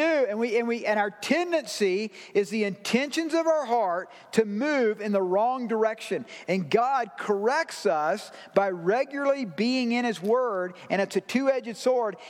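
High-voiced man preaching in a reverberant hall. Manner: preaching with slow emphatic phrasing, dropping to a hushed soft tone. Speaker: pastor. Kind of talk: sermon. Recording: long reverb of a large hall.

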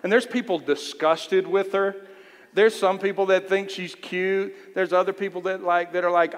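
A man's voice: sits high, steady tone, normal speed. Earnest man preaching in a reverberant hall. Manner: personal storytelling, earnest and candid. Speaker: youth leader preaching. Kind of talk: sermon.

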